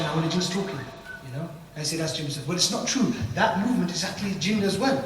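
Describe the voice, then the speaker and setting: High-voiced British man teaching from far off. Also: expressive, quick pace, a bit bright. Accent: British English. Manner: loose, repetitive explaining with tag questions. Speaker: ruqya teacher. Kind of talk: informal spoken lesson. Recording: echoey hall from far off.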